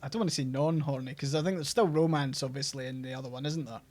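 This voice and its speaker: A young Scottish man hosting a game stream, chatting casually and halting with many restarts. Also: mid-range voice, a little mellow. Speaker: streamer host. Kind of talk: casual chat while gaming.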